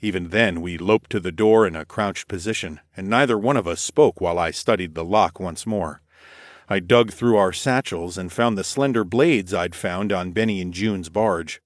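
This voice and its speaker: A man narrating a first-person adventure audiobook in a steady, measured way. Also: deep voice, no room sound, studio quality.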